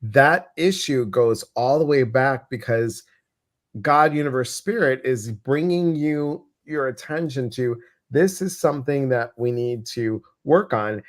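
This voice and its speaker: A man with a Chicago accent, co-hosting a casual livestream, reading viewer comments in a chatty, animated way that repeats phrases for emphasis. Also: medium pitch, unhurried. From Chicago, US Midwest.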